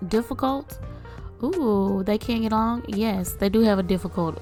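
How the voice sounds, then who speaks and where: A woman's voice: mid-range voice, moderate pace, a little mellow, faint music behind. A woman hosting a casual let's-play, narrating a life-sim story in a chatty, storytelling way. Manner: chatty, storytelling, laughs often.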